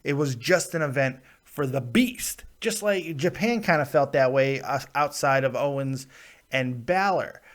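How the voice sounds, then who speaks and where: A medium-pitched, expressive voice moves at a measured pace as this man hosts a live wrestling review podcast. He rants, swears a lot, and laughs often, all while fighting off an oncoming cold that has plugged his ears.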